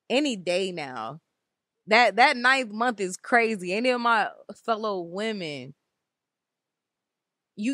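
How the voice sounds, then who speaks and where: A woman's voice: medium pitch, fairly bright tone, no room sound, studio quality. A woman hosting an inspirational spiritual talk, speaking in an emphatic, repetitive, conversational way. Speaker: spiritual channel host.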